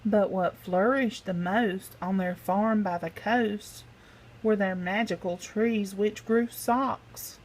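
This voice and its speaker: A woman reads a rhyming picture book aloud, taking her time over each line. Her pitch sits in the middle, and her delivery is rhythmic and sing-song. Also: steady tone, slow pace, low-quality recording. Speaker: storybook reader.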